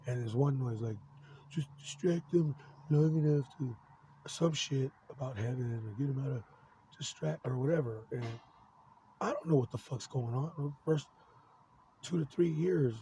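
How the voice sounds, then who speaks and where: A man's voice: mid-range voice, warm tone, a little hiss or hum, poor audio. Cursing, agitated man in his forties. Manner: profane, agitated, halting with many restarts. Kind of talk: rambling personal monologue.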